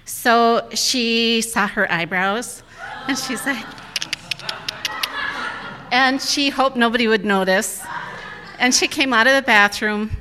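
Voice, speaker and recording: A woman telling a story on stage in a blunt, chatty way with halting starts. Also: medium pitch, sharp tone, a little hiss or hum. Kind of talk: live personal storytelling. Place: stage at a live storytelling event. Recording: reverberant hall.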